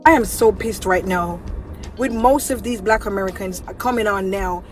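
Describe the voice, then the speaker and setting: A woman's voice: medium pitch, moderate pace, soft background music. A woman with a Jamaican accent ranting heatedly, scolding and mixing in patois. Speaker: viral video poster. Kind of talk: angry rant.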